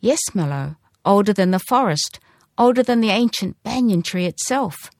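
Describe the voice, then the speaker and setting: In a dry, studio-quality recording, a woman voices an earnest young girl raised by a wise bird, asking anxious, pleading questions. Her mid-range voice is animated and darkish at a moderate pace, pitched above her natural register with light acting.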